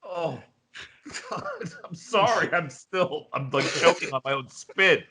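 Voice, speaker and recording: A man hosting a podcast, chatting casually and reacting with quick banter. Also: on the high side, lively intonation, vocal fry, bright, forceful tone, breathy edge. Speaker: podcast host. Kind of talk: casual chat.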